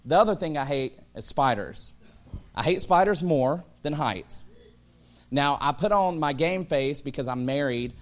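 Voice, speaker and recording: With a medium-pitched voice, this man in his thirties preaches from the pulpit, weaving in humorous stories about his own life. He performs different voices and at times rises to excited shouting.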